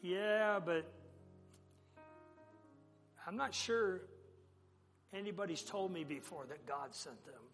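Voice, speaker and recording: With a voice pitched a bit high for a man, a pastor tells an animated sermon story, playing both parts of each conversation. His words echo through a large hall with long reverb and faint music underneath, delivered slowly with long pauses.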